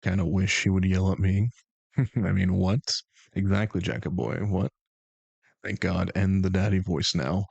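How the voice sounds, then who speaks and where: A man's voice: sits low, steady tone, unhurried, vocal fry, a little mellow, husky, no room sound. A young man streaming and bantering with his chat, joking and sarcastic. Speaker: streamer and game master.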